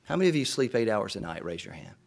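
A man's voice: on the low side, big pitch swings, fast talker, creaky, background noise. A middle-aged man, a pastor, preaching earnestly to fellow pastors in a conversational storytelling way, often repeating words.

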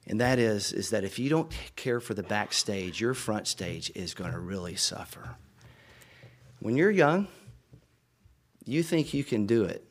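A middle-aged man who is a pastor preaches with a fairly low pitch. Addressing fellow pastors, he is earnest and chatty, telling stories and often repeating himself word for word.

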